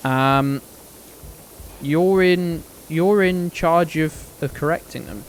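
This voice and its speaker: A man's voice: a little high, slow pace, slight background noise, rough recording. A man streaming a game, chatting casually to his viewers in a rambling, sweary, joking way.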